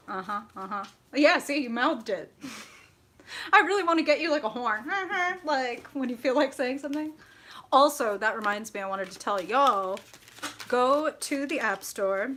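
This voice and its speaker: A woman hosting a live tarot stream, chatting with viewers and laughing often. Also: a little hiss or hum. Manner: laughs often, greets viewers with high excited shouts. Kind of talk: bubbly live-stream chat.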